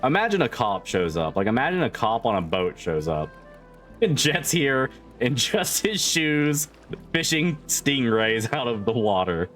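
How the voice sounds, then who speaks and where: A man's voice: medium pitch, very animated, measured pace, fairly bright tone, soft background music. A man streamer chatting casually with his viewers, swearing freely and laughing often. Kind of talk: casual chat with livestream viewers.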